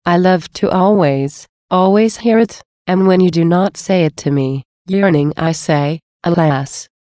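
A woman with a fairly low, mellow voice reads a devotional text aloud. Her delivery is slow, earnest and measured. The recording is dry and close, with no room sound. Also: no room sound. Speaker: devotional reader.

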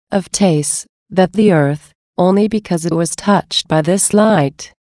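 A woman reading as Jesus, gently loving. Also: on the low side, dry recording, clean studio sound, lightly acted. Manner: slow, measured devotional reading. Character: Jesus, gentle loving divine male speaker.

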